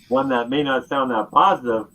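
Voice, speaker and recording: A man from Canada, a musician guest on an interview, telling stories in a lively way and acting out what people said. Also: medium pitch, poor audio. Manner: animated storyteller who acts out the quotes. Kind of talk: casual storytelling interview.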